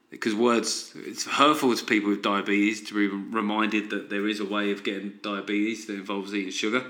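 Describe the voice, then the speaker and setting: A man's voice: fairly low pitch, level tone, moderate pace, few pauses, sharp tone. A man hosting a solo comedy podcast, ranting sardonically and tossing in frequent "right?" asides. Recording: roomy echo.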